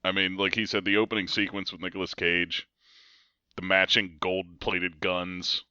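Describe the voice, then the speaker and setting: Guy hosting a podcast, lowish voice, laughs a lot, kinda muffled lo-fi audio. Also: little pitch movement, normal speed, sharp tone, clean tone, no room sound. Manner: laughs often, restarts mid-sentence. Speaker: podcast host. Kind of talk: casual movie chat. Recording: dull lo-fi sound.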